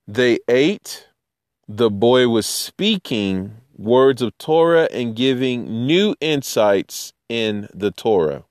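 A man teaching scripture in a casual way, reading verses slowly and then joking about them in playful voices. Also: mid-range voice, lively intonation, no echo, studio quality. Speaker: Bible teacher.

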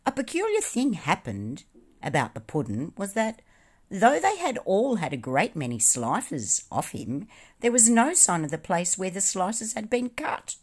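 Woman reading a kids story, low voice, bouncy n expressive. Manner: expressive, lively narration. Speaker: reader.

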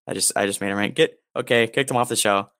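A young man co-hosting a crude comedy podcast, rambling and joking with deadpan asides. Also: fairly low pitch, fast, smooth, dry recording, clean studio sound. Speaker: podcast co-host.

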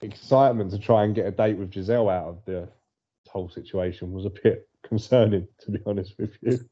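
A man's voice: on the low side, steady tone, brisk. A man co-hosting a casual sports podcast, telling stories in a chatty way and laughing often. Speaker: podcast co-host. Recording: dull lo-fi audio.

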